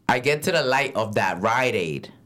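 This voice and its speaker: A young man telling a story in a casual, profane chat, swinging into loud acted-out quotes. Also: medium pitch. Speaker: podcast co-host and rideshare driver.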